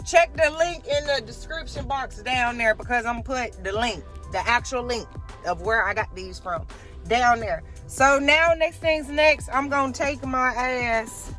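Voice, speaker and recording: A woman vlogging on a phone, talking loud and profane as she calls her viewers y'all and honey. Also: on the high side. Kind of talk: casual vlog chat. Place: in a car and around a store.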